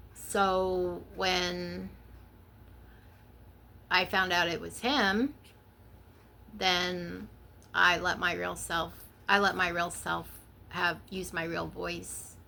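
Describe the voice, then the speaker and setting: Gravelly bright-voiced middle-aged woman. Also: on the low side, slight background noise. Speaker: podcast host and poet. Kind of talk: reading her own poem, then casual reflection.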